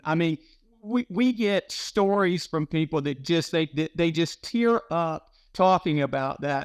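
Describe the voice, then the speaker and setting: Earnest man, smooth higher voice. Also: dry recording, studio quality. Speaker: healthcare executive guest. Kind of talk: podcast interview. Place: Central Florida.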